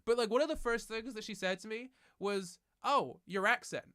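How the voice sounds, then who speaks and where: A man's voice: sits high, fairly quick, clear, resonant tone, no room sound, clean studio sound. A young man streaming from his desk at home, chatting in a rambling, self-correcting way with light laughs, into a desk mic. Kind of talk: casual livestream chat. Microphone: desk microphone.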